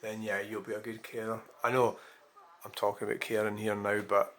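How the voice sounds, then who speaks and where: In a casual monologue, a male vlogger speaks a little fast in a low, flat voice with a fairly bright tone. He's rambling and frank, swearing frequently and correcting himself as he goes.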